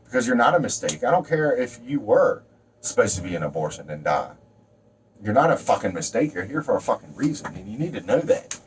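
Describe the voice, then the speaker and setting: A man's voice: lowish voice, very animated, fairly quick, slightly rough, distant mic. A man giving a rambling, preachy motivational rant to camera, swearing and jumping between topics. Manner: shouts and stretches words when fired up. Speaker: vlogger.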